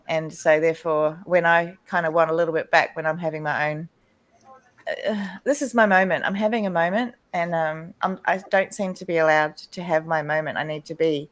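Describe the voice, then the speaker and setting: A woman's voice: low-pitched, fairly even intonation, normal speed. A woman in a recovery meeting, speaking candidly and rambling a little, laughing now and then. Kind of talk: casual recovery group chat.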